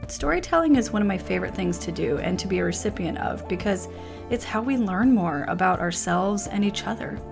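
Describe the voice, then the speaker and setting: A woman's voice: mid-range voice, animated, a little fast, gravelly, over music. A woman reading her weekly blog memo aloud as a personal letter, upbeat and encouraging.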